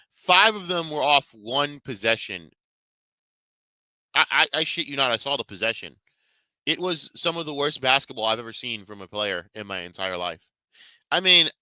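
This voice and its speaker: A man's voice: mid-range voice, bright, forceful tone, dry recording. A man streaming from a small desk at home, delivering a casual, heavily profane rant about sports and online drama. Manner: profane, ranting, heavy swearing. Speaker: streamer commentator. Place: small room at a portable desk.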